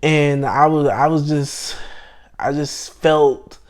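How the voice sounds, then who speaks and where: A young man telling a personal faith story in a casual storytime, hesitant and full of restarts, swinging between hushed and excited. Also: fairly high pitch, slow. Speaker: channel host telling his testimony.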